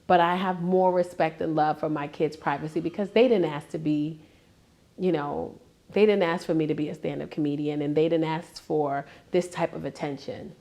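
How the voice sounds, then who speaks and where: This woman has a low-pitched voice and speaks at normal speed. A grandmother and comedian in her forties, she chats as an interview guest in a casual conversation, bringing her stories to life by acting out her kids and family.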